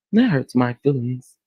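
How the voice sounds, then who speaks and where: A man, hosting a casual commentary chat, animated and dramatic as he talks to his viewers. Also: mid-range voice, husky, no echo, rough recording. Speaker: commentary channel host.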